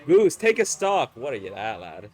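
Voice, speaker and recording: A man doing casual live commentary on a fighting game, loud and teasing, swearing freely. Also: medium pitch, wildly swooping pitch, normal speed. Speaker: esports commentator.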